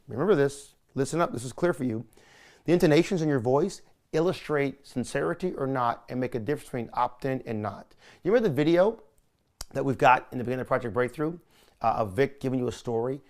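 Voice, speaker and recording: A man coaching someone on speaking to camera, talking energetically with lots of emphasis and repetition. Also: mid-range voice. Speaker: video presentation coach. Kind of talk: coaching session. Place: California.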